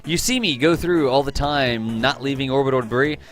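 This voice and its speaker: A man's voice: medium pitch, fairly quick, a bit bright. A man hosting a live game stream, chatting casually with his viewers, greeting them by name, teasing them and laughing often.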